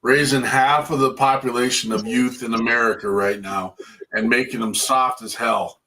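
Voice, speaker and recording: A man's voice: mid-range voice, fairly even intonation, moderate pace, a crowd in the background, low-quality recording. A man co-hosting a casual livestream chat over a video call, with teasing, joking banter. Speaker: co-host. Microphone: video call setup.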